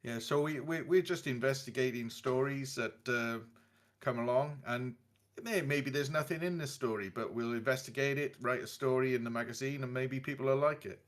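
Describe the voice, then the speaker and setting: A man's voice: mid-range voice, normal speed. Casual male tabletop player. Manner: casual, playful, talking in character. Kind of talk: tabletop game talk.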